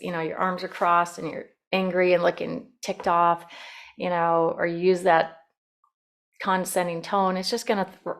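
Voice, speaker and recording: A woman presenting a workshop in a casual, demonstrative way, acting out sample phrases as she teaches. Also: medium pitch. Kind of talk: instructional workshop talk.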